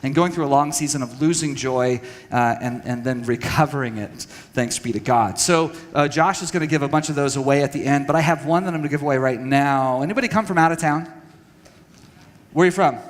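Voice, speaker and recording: A man from Texas speaking to a church audience, candid and self-deprecating, with many fillers and restarts. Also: on the high side. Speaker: speaker at a church parenting session. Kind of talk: personal talk to an audience. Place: church hall. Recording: long hall reverb.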